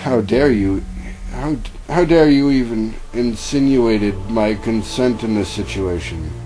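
A man voicing a furious captive woman bounty hunter in a pitched-up, indignant voice over music. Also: unhurried, warm tone, lightly acted, rough recording. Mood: defiant. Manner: indignant, raised falsetto-ish delivery.

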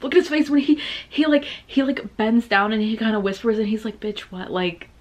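A young woman hosting a casual reaction video, excitable and flustered, laughing and swearing as she talks. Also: on the high side, fairly quick.

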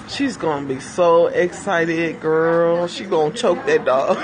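A woman chatting casually with viewers on a phone livestream, animated and laughing often, calling them girl. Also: fairly low pitch, takes it slowly, hardly any pauses, crowd noise. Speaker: livestream host.

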